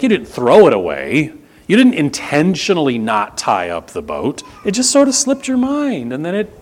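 A middle-aged pastor giving a sermon in a church, conversational and repetitive, swinging between loud emphasis and hushed intensity. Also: male voice, mid-range voice. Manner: repeats words, frequent restarts and asides to the congregation.

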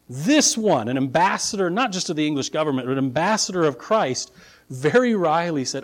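A man preaching a sermon, telling a story with acted-out voices and building to forceful declarations. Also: fairly high pitch, fairly quick. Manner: animated storytelling, acts out quoted voices. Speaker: pastor.

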